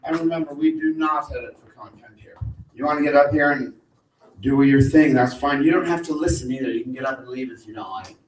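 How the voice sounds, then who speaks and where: A man's voice: medium pitch, brisk. A man hosting an open mic in a cafe, bluntly laying down the house rules to the audience. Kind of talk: stage announcements to a live audience. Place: cafe venue. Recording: echoey room, mic far off, faint noise.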